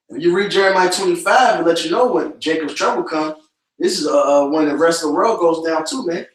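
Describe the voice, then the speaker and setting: Preaching scripture on the street, a man talks a little fast in a voice on the high side. He's casual about it, adding "man" to his lines, while the recording comes across echoey and distant from the mic.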